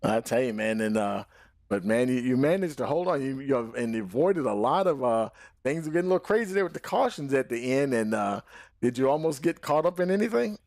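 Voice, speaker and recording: A man hosting a broadcast and interviewing drivers after a race, with a folksy, drawn-out way of talking. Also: medium pitch, lively intonation, darkish tone, no room sound.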